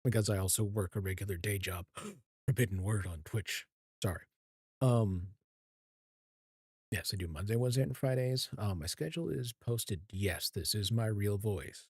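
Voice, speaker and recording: Calm, quiet male streamer in his thirties; low, breathy tone, halting delivery full of ums. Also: no room sound, clean studio sound. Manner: calm, soft-spoken and even; hesitant, with many fillers and restarts. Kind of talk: casual chat while streaming a game. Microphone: streaming mic with equalizer.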